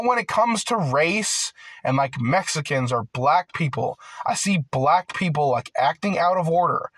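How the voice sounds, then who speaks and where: This vlogger is a young man delivering a loose, rambling rant full of fillers and curse words that sometimes turns loud and heated. His pitch leans high, with no echo in the recording.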